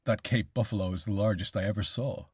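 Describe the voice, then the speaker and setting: A composed, polite hunter guest, voiced by a man reading aloud. The voice is low and slightly husky, plainly spoken and courteous, recorded close and dry. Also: steady tone, quick pace, darkish tone, no echo. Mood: polite, curious. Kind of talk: audiobook reading.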